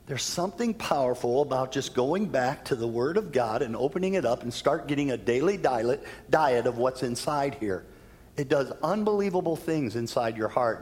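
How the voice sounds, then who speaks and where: A male pastor preaching a sermon in a church, telling the story in an animated way and changing his pace for emphasis. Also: mid-range voice. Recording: long church reverb.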